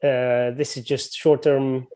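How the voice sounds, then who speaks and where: A man's voice: medium pitch, little pitch movement, slow pace, warm tone, smooth. A man giving market commentary as a guest analyst on a webinar, firmly building his argument.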